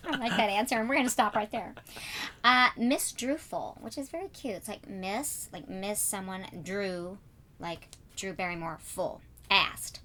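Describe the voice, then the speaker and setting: A woman's voice: medium pitch, a little slow, bright, forceful tone. A woman interviewing a guest in a trailer on a TV set, bubbly and teasing, with playful asides.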